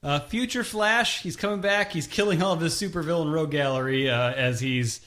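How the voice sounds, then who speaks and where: A man's voice: fairly high pitch, a little fast, bright, forceful tone. A man co-hosting a podcast in casual chat, recapping with dry, wry quips. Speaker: podcast co-host.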